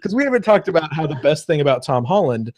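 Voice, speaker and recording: A man's voice: fairly high pitch, very animated, fast talker, a little mellow. A man co-hosting a podcast, chatting casually and enthusiastically about a movie, rambling like a fan. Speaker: podcast co-host.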